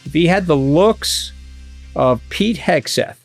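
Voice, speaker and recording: A man's voice: fairly high pitch, expressive, slow, faint music behind. A man bluntly rambling through opinions in an interview clip.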